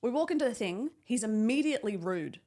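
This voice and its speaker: A young woman co-hosting a podcast, telling animated stories with lots of swearing and acted-out quotes. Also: a little high, brisk. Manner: animated storytelling, acts out quotes, swears freely. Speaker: podcast co-host. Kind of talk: casual chat.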